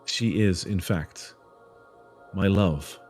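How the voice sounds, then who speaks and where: A man's voice: low voice, extremely slow, darkish tone, faint music behind. A man voicing a lovesick male ghost who speaks solemnly and formally. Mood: mournful.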